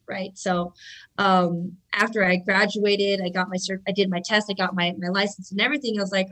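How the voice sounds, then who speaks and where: A woman's voice: mid-range voice, fairly even intonation, a little fast, a bit bright, low-quality recording. A woman in her thirties telling stories in a casual interview, chatty and full of fillers. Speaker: interview guest, jiu-jitsu competitor. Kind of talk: casual storytelling.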